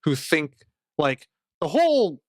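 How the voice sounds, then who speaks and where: A man co-hosting a casual podcast, animated and swearing freely as he acts out quotes. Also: on the high side, slow pace, no echo, studio quality. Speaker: podcast co-host.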